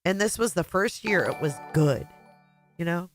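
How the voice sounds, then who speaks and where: Soft background music plays under a middle-aged woman hosting a casual livestream, her fairly low voice animated and moderately paced. Emotional to the point of tears, she chats and greets viewers by name.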